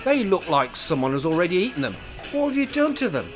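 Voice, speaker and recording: A grumpy man with a sarcastic, bossy edge, playing a cantankerous old pensioner in a comedy sketch. His pitch swings widely as he grumbles and gives orders. Light music sits underneath. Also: big pitch swings, brisk.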